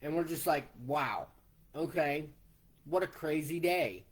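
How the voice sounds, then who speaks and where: A man in his forties recounts a personal story at an unhurried pace. He talks plainly and takes events one step at a time. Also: a little high, lively intonation. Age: 40s. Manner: slow, plainspoken, retelling step by step. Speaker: vlogger.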